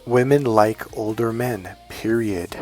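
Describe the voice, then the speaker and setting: A man's voice: lowish voice, takes it slowly, warm tone, faint music behind. A man in his fifties giving casual dating advice, rambling with restarts and acting out quoted dialogue. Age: 50s. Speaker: dating coach.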